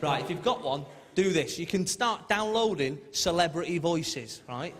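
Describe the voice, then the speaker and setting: This stand-up comic tells chatty stories live in a theatre, tagging his lines with "right?", at a normal pace in a fairly high voice. The recording has theatre reverb and loud laughter from the audience.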